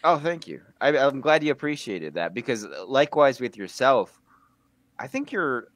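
A man's voice: mid-range voice, very animated, moderate pace, fairly bright tone. A young American man talking casually as a guest, hesitant, with many restarts and fillers. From United States. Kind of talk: casual conversation.

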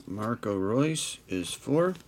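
A man's voice: medium pitch, expressive, darkish tone. A man hosting a live trading card break, reading out players and numbers with dry asides. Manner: unhurried, reads off card numbers with dry jokes.

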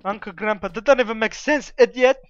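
With an extremely high pitch and a fairly quick delivery, a gamer chats in broken English over voice chat. He tags a stock phrase onto what he says and banters with playful insults, captured in slightly dull audio with faint noise.

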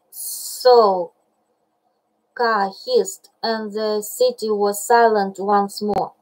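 Slow, careful woman storybook reader. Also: mid-range voice, fairly even intonation, rough recording. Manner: slow, careful reading with small slips. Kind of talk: storybook reading.

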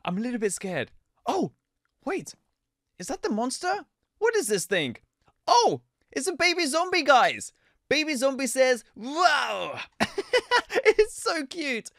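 A young man hosting a game video, giving excitable commentary with frequent laughs and loud squeals. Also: extremely high pitch, unhurried, pauses often, no echo, studio quality. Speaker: gaming video host.

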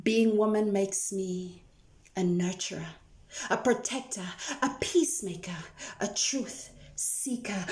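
A woman performing her spoken-word poetry dramatically, shifting between hushed whispers and bold declarations. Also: on the high side, measured pace. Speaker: poet. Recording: roomy echo.

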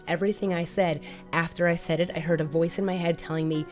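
A woman in her thirties tells her own story in a candid, chatty vlog and circles back to repeat her points. Her voice sits a little low. Soft music runs faintly underneath. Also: fairly even intonation, fast. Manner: candid, conversational, repeats phrases. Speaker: mental health advocate and vlogger.

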